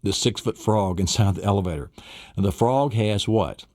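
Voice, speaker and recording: Instructor, male low-pitched, lively storyteller, bursts of sound effects, dry close mic. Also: moderate pace, dry recording. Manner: animated storyteller, adds sound effects and asks rhetorical questions. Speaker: memory-training instructor. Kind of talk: recorded seminar lesson.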